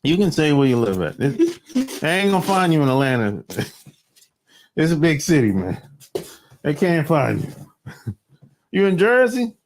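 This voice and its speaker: A man talks casually to his viewers, rambling and cursing as he goes. His pitch sits a touch high and swings all over the place. He takes it slow and unhurried. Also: wildly swooping pitch, a little hiss or hum. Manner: rambling and profane, laughs often. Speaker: livestream host.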